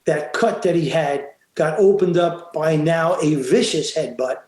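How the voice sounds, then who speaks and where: Man, boxing referee guest, high voice, emphatic storyteller, echoey room. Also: unhurried, a little mellow. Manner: emphatic, acts out quotes, frequent restarts. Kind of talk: animated storytelling in an interview.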